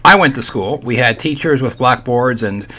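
A man's voice: mid-range voice, normal speed, bright, forceful tone. An older man hosting a casual radio talk show, folksy and chatty with playful asides.

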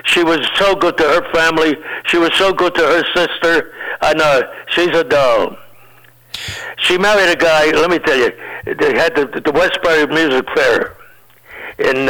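An older man, a comedian, tells rambling, lively stories in a relaxed interview. He talks with a slightly high pitch and a very bright, forceful tone. He keeps restarting his sentences as he goes. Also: poor audio. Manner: rambling, animated anecdotes with restarts. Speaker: comedian guest. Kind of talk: casual storytelling in an interview.

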